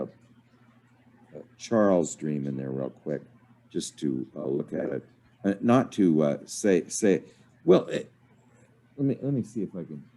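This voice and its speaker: A man's voice: low-pitched, warm tone. A man leading a small online discussion group, talking casually with many fillers and restarts over a video call. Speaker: study group leader.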